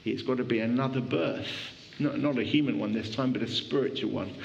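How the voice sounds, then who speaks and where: A man preaching a sermon in a church, conversational and animated, often restarting his sentences. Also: mid-range voice, brisk, gravelly, lo-fi sound, a little hiss or hum.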